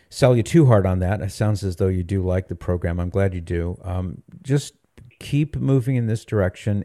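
A man hosts a call-in radio program, his voice low and mellow as he gently reassures and encourages a caller. The sound is dry and close. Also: no room sound. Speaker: radio show host.

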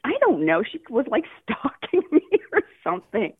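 A woman's voice: fairly high pitch, very animated, normal speed, slightly rough, no echo. A woman calling in to a radio show, telling a personal story with laughter and tears. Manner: laughing, tearful storytelling with restarts. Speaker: caller. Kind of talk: emotional call-in story. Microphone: phone. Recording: tinny phone line.

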